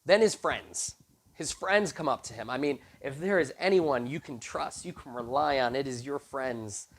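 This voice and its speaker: Guy youth pastor telling a bible story, casual and lively, does little voices for the characters. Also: mid-range voice, normal speed. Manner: animated, acts out quoted characters with casual slang.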